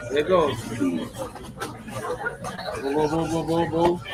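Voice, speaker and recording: Excitable fighter talking his chat through a fight. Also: on the high side, a little slow, pauses often, background noise. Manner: repetitive, excitable play-by-play with sound effects. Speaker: MMA fighter reviewing his own fight. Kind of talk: livestream commentary talking to chat.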